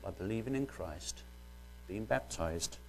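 A man's voice: sits low, animated, measured pace, vocal fry, a little hiss or hum. A man with a British accent preaching a sermon, first joking lightly, then reading Bible verses and explaining them earnestly.

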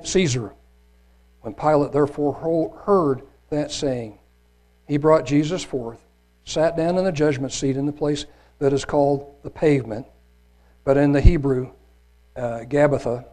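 A man's voice: on the high side, darkish tone. A man preaching a sermon, reading scripture aloud in an earnest, grave way with a few restarts.

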